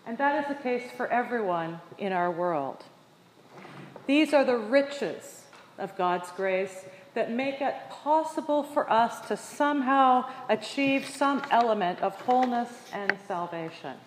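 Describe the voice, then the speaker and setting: A woman delivering a sermon, telling a personal story with animated voices for the people in it. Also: fairly high pitch, unhurried, a little hiss or hum. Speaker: preacher. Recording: echoey hall with long reverb.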